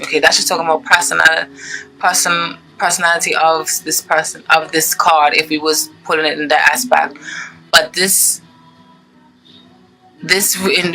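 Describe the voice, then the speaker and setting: A woman's voice: on the low side, pushed and bright, rough recording. A woman giving a casual tarot reading to her viewers, chatty and gushing, checking in with "okay?" often. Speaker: tarot reader.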